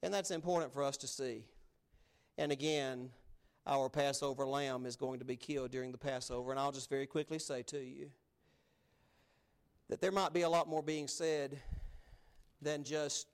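A man preaching a sermon as pastor, emphatic, swinging between loud stresses and hushed asides. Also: medium pitch, fairly even intonation, moderate pace, pauses often, clear, resonant tone. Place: church sanctuary.

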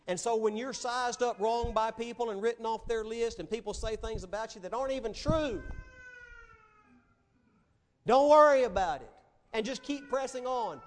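High-pitched guy preaching hard, lots of echo from a big hall. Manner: emphatic, dramatic preaching with rising cries. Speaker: pastor. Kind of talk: sermon.

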